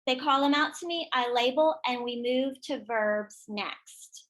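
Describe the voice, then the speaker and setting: A woman's voice: high voice, a little slow, a bit bright. A woman giving a professional development talk to teachers, demonstrating classroom vocabulary routines and call-outs. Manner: models classroom chants and call-outs with bursts of energy. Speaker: teacher trainer.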